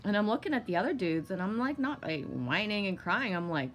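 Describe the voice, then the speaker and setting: A woman vlogger casually telling a long story, rambling with lots of fillers, swearing often and bursting into giddy excitement. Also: mid-range voice, a little fast, slight background noise.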